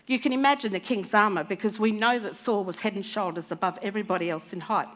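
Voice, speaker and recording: A woman preacher retelling a Bible story in a sermon with animated storytelling, acting out the lines of the people in it. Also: mid-range voice, fairly quick, few pauses.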